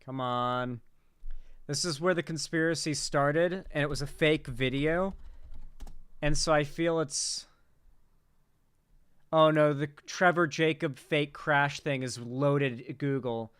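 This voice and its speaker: A man's voice: on the high side, steady tone, takes it slowly, fairly bright tone, clear, resonant tone, no echo, clean studio sound. A man streaming casual political reaction commentary, rambling and swearing with incredulous asides.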